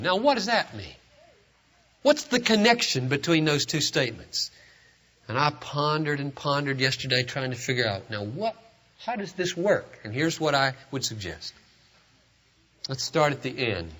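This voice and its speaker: A middle-aged man preaching a sermon, emphatic and lively, leaning hard on key words and stretching them out. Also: mid-range voice, moderate pace. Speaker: pastor.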